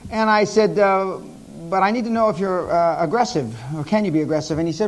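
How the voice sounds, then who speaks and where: A man's voice: high-pitched, a little fast, hardly any pauses, rough recording. An American man in his fifties giving a live seminar talk, telling brash stories laced with profanity. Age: 50s. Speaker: seminar speaker.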